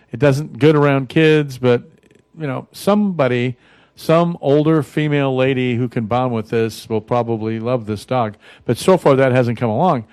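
A man's voice: mid-range voice, a little mellow, dry recording. A man hosting a casual radio talk show, rambling in a folksy way with many fillers and restarts. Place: radio studio.

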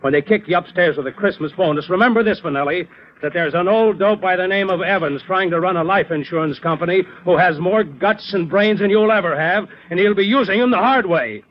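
A stern, lecturing company boss with a fairly high voice, played by an actor, dry and sarcastic when pushed. The sound is dull and lo-fi, like an old radio broadcast. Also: male voice, fairly quick. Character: Mr. Evans, a gruff, principled male boss. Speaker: insurance company owner. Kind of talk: 1940s radio acting.

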